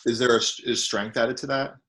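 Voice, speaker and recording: A man's voice: medium pitch, fairly even intonation, a little fast, pushed and bright. A man playing a tabletop game, describing his moves with hesitation as he works them out. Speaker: player. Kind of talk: casual tabletop game play.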